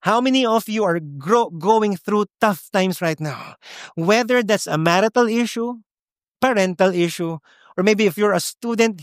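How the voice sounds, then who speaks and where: A man, preaching a sermon at a church service in a lively way that mixes English and Tagalog. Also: high voice, no room sound, clean studio sound. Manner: animated, switching between English and Tagalog, laughs often. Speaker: pastor.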